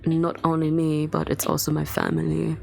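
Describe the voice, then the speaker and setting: A woman's voice: low-pitched, completely flat delivery, normal speed, vocal fry, faint music behind. A woman streamer ranting angrily to her chat, swearing often and sounding exasperated. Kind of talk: live-stream rant to chat.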